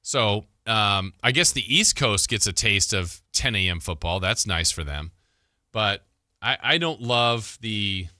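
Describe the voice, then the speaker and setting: A male sports talk host, a touch low in pitch and strikingly bright in tone. He rambles conversationally through his opinions, full of fillers and self-corrections. The sound is dry and close, with no room around it. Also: no echo. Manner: conversational, thinks aloud with fillers and restarts. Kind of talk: sports talk radio commentary.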